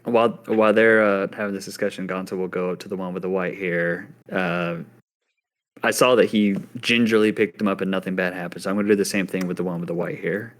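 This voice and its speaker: A man plays a tabletop game, describing his character's actions in a measured, matter-of-fact way. His voice is quite low, and he hesitates now and then. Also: steady tone. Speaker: player. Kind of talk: casual tabletop game play.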